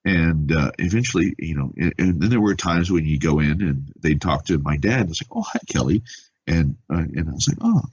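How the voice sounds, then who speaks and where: Very deep, husky-voiced man, halting. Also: dull audio. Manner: halting, emotional, many restarts. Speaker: author being interviewed. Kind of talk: conversational interview.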